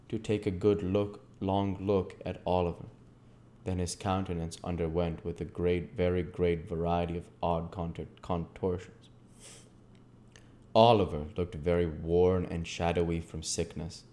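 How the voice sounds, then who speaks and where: Deep-voiced man reading a classic novel. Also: dark tone, slight background noise. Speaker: audiobook reader.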